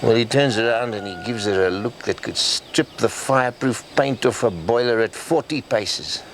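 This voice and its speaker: An actor playing a boastful, joking petrol station owner, full of chuckling bluster. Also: male voice, medium pitch, moderate pace, slight background noise, natural voice, poor audio. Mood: cocky, jokey. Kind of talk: sitcom acting.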